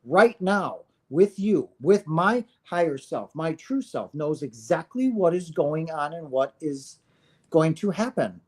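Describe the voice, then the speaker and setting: A man's voice: on the high side, sing-song, takes it slowly, husky. Earnest fifties man preaching spirituality. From United States. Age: 50s. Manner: earnest, preachy, peppered with "right?" and profanity. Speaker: spiritual streamer. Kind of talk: casual spiritual monologue.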